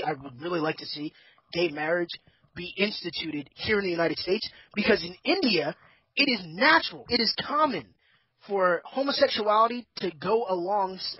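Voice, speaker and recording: A husky-voiced man holds court in a casual group chat, rambling and opinionated and cursing freely. The sound is dull and lo-fi. It's bone dry, with no room around it. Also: high-pitched, no room sound. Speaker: podcast host.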